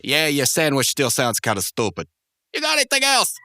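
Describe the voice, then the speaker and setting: Blunt dismissive quips, lively swinging pitch, improv comedy, music behind. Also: a little fast.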